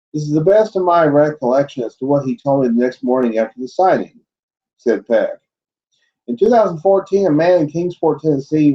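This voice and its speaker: A man's voice: mid-range voice, warm tone, lo-fi sound. A man hosting a casual livestream show, reading odd news stories aloud and commenting on them bluntly and with doubt. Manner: skeptical, blunt asides with chuckles. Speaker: host of a cryptid livestream show.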